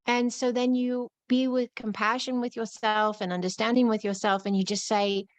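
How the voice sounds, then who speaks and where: A woman's voice: on the high side, flat delivery, normal speed, few pauses, dry recording. Woman with a New York accent, teaching spirituality. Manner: flowing, repetitive spiritual phrasing. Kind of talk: live-streamed talk.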